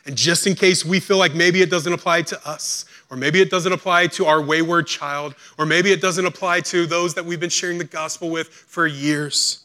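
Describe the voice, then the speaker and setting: A man preaches a sermon with a bright, fairly high voice. He acts out the quotes in his text and swings from hushed, slow lines to loud, urgent ones. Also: fairly even intonation. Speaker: pastor.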